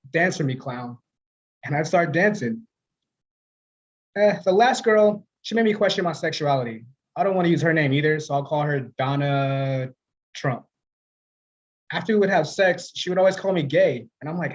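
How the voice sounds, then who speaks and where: Deadpan stand-up man, lo-fi sound. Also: fairly high pitch. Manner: deadpan self-mocking delivery. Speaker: stand-up comedian. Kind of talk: stand-up set. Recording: dull lo-fi livestream audio.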